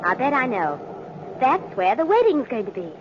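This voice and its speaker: A woman playing a sweet, excitable young bride-to-be in an old radio drama, talking eagerly. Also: fairly high pitch, moderate pace, a little hiss or hum. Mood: curious. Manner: breathless, eager, girlish. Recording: dull vintage radio recording.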